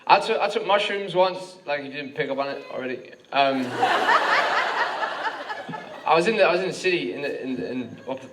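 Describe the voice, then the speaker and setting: A man's voice: a little high, normal speed, pauses often. A young Australian man doing a rambling stand-up comedy set, full of filler words, with bursts of frantic ranting. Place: comedy club stage with laughing audience. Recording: noisy live club recording from a distance.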